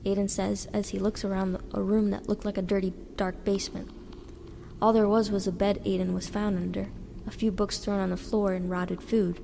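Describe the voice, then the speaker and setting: A woman reading her own short story aloud in a plain, steady way. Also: mid-range voice, moderate pace, vocal fry, slight background noise. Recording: reverberant with background music.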